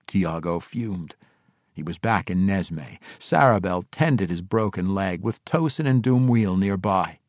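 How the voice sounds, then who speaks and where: Man narrating a story, animated, dry sound. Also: sits low, a little slow, no echo. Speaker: audiobook narrator. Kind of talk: scripted narration.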